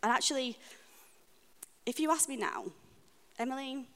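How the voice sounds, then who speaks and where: Earnest woman preaching in a reverberant hall. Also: medium pitch. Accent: British English. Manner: earnest, personal, reflective with frequent pauses. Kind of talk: sermon. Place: church hall. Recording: long reverb of a church hall.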